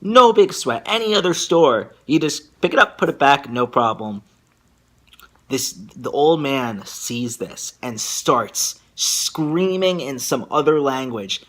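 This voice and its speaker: A young man telling a casual vlog story, rambling and filler-heavy, with animated asides. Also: mid-range voice, slow. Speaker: vlogger.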